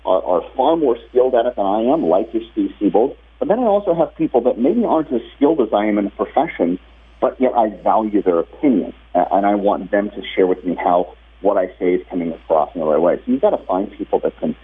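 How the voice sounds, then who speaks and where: A talkative man is being interviewed over a tinny phone line. His voice is husky and rough, and sits fairly low. He explains his ideas energetically and restarts sentences as he goes. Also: animated, fast talker. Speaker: guest, professional speaker and author.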